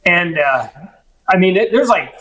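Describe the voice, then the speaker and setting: A man telling stories as a podcast guest and fishing guide, animated and full of restarts. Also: high-pitched, measured pace, low-quality recording. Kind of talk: casual storytelling chat.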